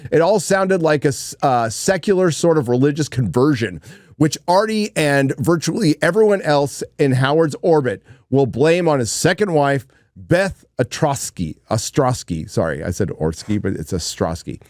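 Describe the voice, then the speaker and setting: A man's voice: a little high, big pitch swings, moderate pace, a little mellow, no room sound. A man hosting a livestream, giving blunt, rambling commentary and swearing casually. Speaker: livestream host.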